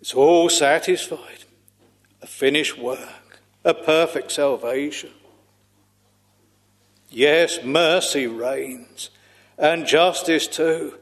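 A man's voice: a little high, in a large hall. A man preaching a solemn sermon, drawing out his phrases and sighing "ah" between them in old-fashioned scriptural language. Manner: slow, solemn, drawn-out preaching with frequent sighing "ah"s.

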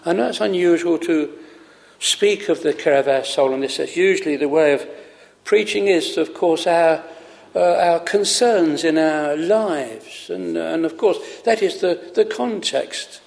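A man preaching a sermon from the pulpit, slow and earnest, stretching out words for emphasis. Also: fairly high pitch, gravelly, a little mellow, in a large hall. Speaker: pastor. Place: chapel.

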